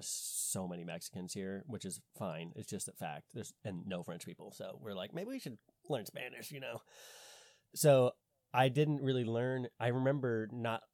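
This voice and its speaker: A man's voice: fairly low pitch, darkish tone, no echo, clean studio sound. Rambling casual male podcast co-host. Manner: rambling, lots of "like", acts out quoted voices. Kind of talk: casual chat.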